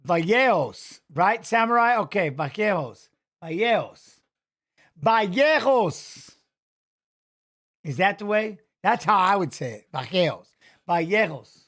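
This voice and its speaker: A man with a notably high voice hosting a watch-along of live fights. He talks loosely, rambling and muttering asides before reeling off fighter stats. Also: animated, fairly bright tone. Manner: rambling, muttered asides and quick stat reading. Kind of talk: casual live commentary while watching fights.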